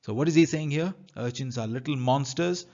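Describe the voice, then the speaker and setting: A man's voice: mid-range voice, a little mellow, muffled recording. A man teaching literature, reading lines from a play and explaining them carefully. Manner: slow, careful, reads lines then paraphrases.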